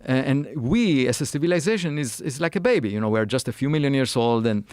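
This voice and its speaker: A man's voice: medium pitch, expressive, quick pace, darkish tone, clean tone, dry recording. Interview guest, male, reflective and hesitant, dry recording. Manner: thoughtful, many fillers and restarts. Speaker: guest scientist. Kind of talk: conversational interview.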